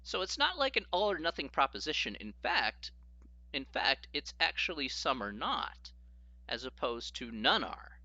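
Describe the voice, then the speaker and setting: A man's voice: on the high side, very animated, measured pace, sharp tone, dry recording, dull audio. A man teaching a live-streamed logic lesson, often laughing as he explains and reacts to viewer chat. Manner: giggly, keeps breaking into laughter while explaining.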